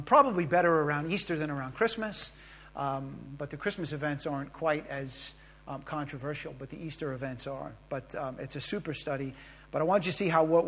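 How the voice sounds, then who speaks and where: A man preaching a sermon in a conversational way, asking the congregation questions and growing more emphatic as he goes. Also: a little high. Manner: grows louder and more emphatic. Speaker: pastor.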